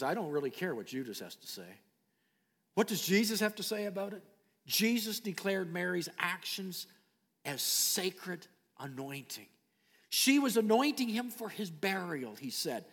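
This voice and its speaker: A man preaching a sermon, animated, dropping to soft low tones when he reads scripture. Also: moderate pace, breathy edge. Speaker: pastor. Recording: long hall reverb.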